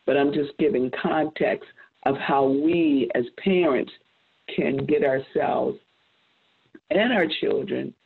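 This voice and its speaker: A woman's voice: sits low, slow pace, gravelly, breathy edge, narrow, tinny audio. A middle-aged woman coach telling a personal story in an earnest, reflective way, restarting phrases as she thinks. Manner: reflective, earnest, repeats herself while thinking. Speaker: life coach guest. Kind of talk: candid personal storytelling on a panel.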